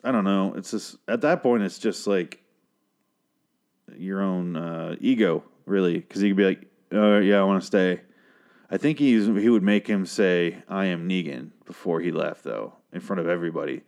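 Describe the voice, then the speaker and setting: Sardonic low-voiced man rambling a recap. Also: normal speed, gravelly, a little mellow. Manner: profane, sardonic, trails off with frequent restarts. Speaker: show recap podcaster. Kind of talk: casual rambling episode recap.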